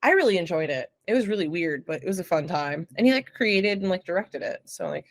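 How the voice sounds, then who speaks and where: A woman's voice: lowish voice, very animated, a little fast, no echo. A young adult woman co-hosting a podcast, chatting casually and rambling with lots of giggles and fillers. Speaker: podcast co-host. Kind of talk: casual chat.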